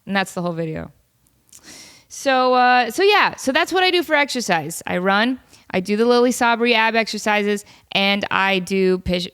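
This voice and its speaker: A woman's voice: mid-range voice, fairly quick, a bit bright, clean tone. A woman hosting a casual solo podcast from home, chatty and self-deprecating, with a cold. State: has a cold, sniffly. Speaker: podcast host.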